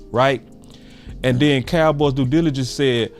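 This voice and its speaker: A young man hosting a casual sports podcast, animated and slangy, retelling online spats with quoted back-and-forth. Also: a little high, normal speed, soft background music. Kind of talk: casual heated chat.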